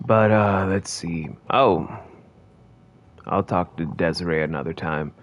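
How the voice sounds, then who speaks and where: A man's voice: low voice, a little slow, muffled recording, a little hiss or hum. A man streaming a game, chatting casually to viewers in a rambling, jokey way. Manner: rambling and jokey, talking to chat. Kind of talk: casual gaming commentary.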